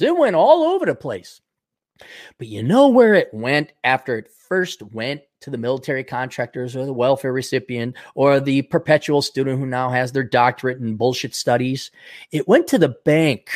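A man's voice: mid-range voice, no echo, clean studio sound. A man hosting his own talk show, ranting sarcastically and profanely, rambling with frequent restarts. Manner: sarcastic, profane, mocking voices. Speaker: podcast host.

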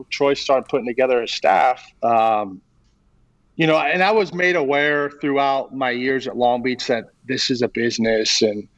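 A middle-aged man talks through his story as an interview guest, halting and full of restarts. His voice sits at an ordinary pitch, and the recording sounds a bit dull and lo-fi. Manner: halting, many fillers and restarts. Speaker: guest, baseball coach.

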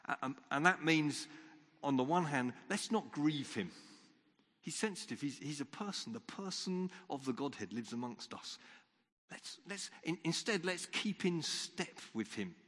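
A man's voice: on the high side, expressive, measured pace, fairly bright tone. A man preaching a sermon as pastor, earnest and restarting his sentences often. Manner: earnest, repeats words when starting sentences. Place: church. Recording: long church hall reverb.

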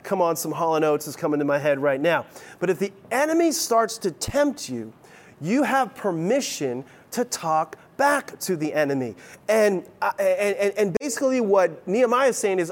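A man's voice: high-pitched, sing-song, moderate pace. A middle-aged man preaching a sermon as pastor, conversational and playful, with frequent restarts.

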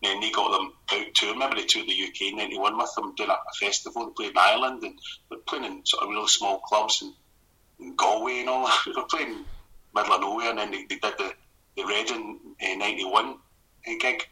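A middle-aged Scottish man, a comedy writer, telling stories in a casual radio conversation with quick restarts and laughs. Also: fairly low pitch, poor audio. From Scotland. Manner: rapid, animated storytelling with restarts and laughs.

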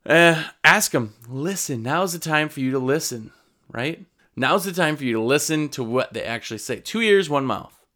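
Guy talking sales tips to the camera, kinda high voice, bounces around a lot, acts out customers. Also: expressive, moderate pace, bright, forceful tone. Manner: conversational, acts out customer exchanges. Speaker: window cleaning business owner. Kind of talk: casual sales advice talk to camera.

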